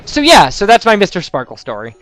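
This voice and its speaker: A man's voice: high-pitched, huge pitch swings, a little fast, fairly bright tone, no echo, faint music behind. A young man from the United States casually commentating gameplay and rambling through personal stories. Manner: rambling, chatty storyteller. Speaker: let's play commentator.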